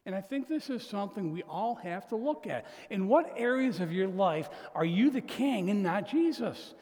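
A man's voice: sits high, animated, normal speed, darkish tone, in a large hall. A man preaching a sermon as pastor, conversational and emphatic, with asides and quoted dialogue.

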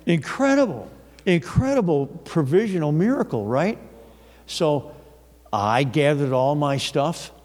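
A man's voice: a little high, animated, unhurried, darkish tone. A man preaching a sermon in a loose, conversational storytelling way, often restarting his sentences. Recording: long reverb of a large hall.

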